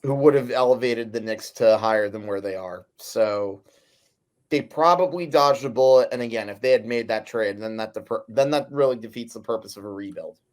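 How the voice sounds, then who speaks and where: A man co-hosting a sports podcast, giving measured opinions in a slightly tired way. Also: medium pitch. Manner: measured, a little tired, yawning. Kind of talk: sports talk debate.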